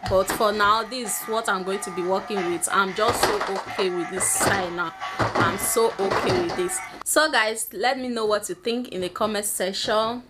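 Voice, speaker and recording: A woman's voice: medium pitch, normal speed, loud music behind the voice. A young woman with a Nigerian English accent, chatting casually to her camera in a vlog and giggling often. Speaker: vlogger.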